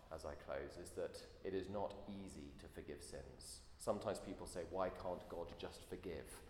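Deep-voiced preacher in an echoey hall. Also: male voice, darkish tone. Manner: earnest, rhetorical questions. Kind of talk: sermon. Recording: echoey hall, faint room noise.

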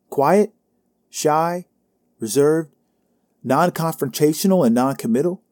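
A man's voice: on the high side, mellow, dry recording, studio quality. A man hosting a podcast, introducing and interviewing a guest with enthusiastic, effusive praise. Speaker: podcast host.

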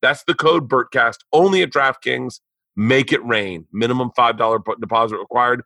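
A man's voice: medium pitch, moderate pace, creaky, bright, forceful tone, no echo. A man hosting a podcast, reading ads and chatting casually, loose and profane with stumbling restarts. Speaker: podcast host. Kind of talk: casual chat and read ads.

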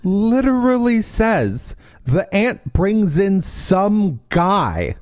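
A man's voice: high-pitched, very animated, extremely slow, darkish tone, no echo, studio quality. A man co-hosting a podcast, recapping a book plot in a sarcastic, exasperated way. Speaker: podcast co-host. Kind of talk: casual book recap chat.

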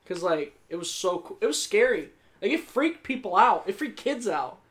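Animated, swearing woman chatting. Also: medium pitch, moderate pace. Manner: animated storytelling, swears freely. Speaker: podcast co-host. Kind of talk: casual chat.

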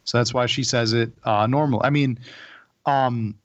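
A man co-hosting a casual chat, talking haltingly and stumbling over his words. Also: mid-range voice, fairly even intonation, no room sound. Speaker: co-host. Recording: dull, dry recording.

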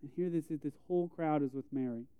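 A male pastor preaching a sermon, retelling a Bible story conversationally and dropping to a hush for emphasis. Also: fairly high pitch, fast, smooth, dry recording, narrow, tinny audio.

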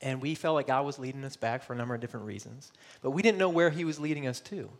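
A man's voice: medium pitch, quick pace. A middle-aged man from Michigan preaching a sermon, earnest and personal, voicing searching questions and at times close to tears. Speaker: pastor.

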